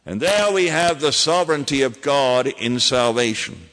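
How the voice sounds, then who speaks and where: A man preaching a sermon as pastor, in a measured way with emphatic repetitions. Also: medium pitch, expressive, fairly bright tone, in a large hall.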